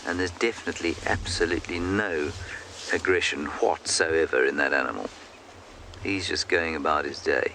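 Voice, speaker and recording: A man working as a safari guide, giving calm, explanatory live commentary outdoors in the bush. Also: extremely low pitch, normal speed. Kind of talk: live game-drive commentary. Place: outdoors in the bush on a game drive. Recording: outdoor ambience noise.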